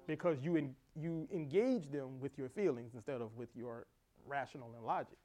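A middle-aged man, a pastor, preaching an animated sermon with laughter and acted-out dialogue. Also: mid-range voice, moderate pace.

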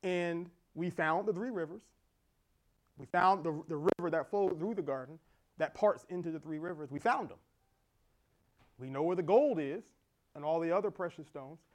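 A middle-aged pastor delivers a sermon in a slightly high voice. He preaches with animated energy, laughing along and acting out quoted exchanges. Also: normal speed, pauses often.

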